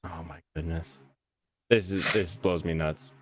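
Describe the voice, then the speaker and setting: A man hosting a casual podcast chat, animated, his voice jumping high when he gets exasperated. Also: measured pace, husky. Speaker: podcast host.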